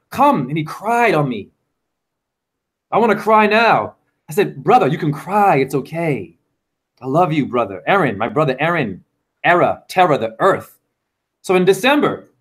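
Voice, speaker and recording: A man in his forties talks casually as a guest, his voice sitting high and moving a lot. He tells his stories with animation and slips into the voices of the people in them. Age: 40s. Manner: animated storytelling, acting out voices of others. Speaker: guest teacher. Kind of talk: casual conversation.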